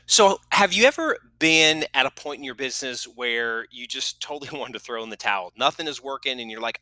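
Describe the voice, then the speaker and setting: A man's voice: mid-range voice, a little fast, pushed and bright, no room sound, low-quality recording. A middle-aged man hosting a podcast, telling a family story in a casual way with many fillers and restarts, and moved at times. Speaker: podcast host.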